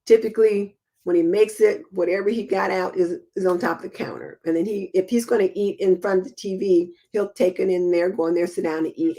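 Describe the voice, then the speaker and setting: A woman's voice: medium pitch, dark tone. Chatty middle-aged woman hosting a home show. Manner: chatty, homey, practical. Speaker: host. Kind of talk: casual live-stream chat reading viewer comments.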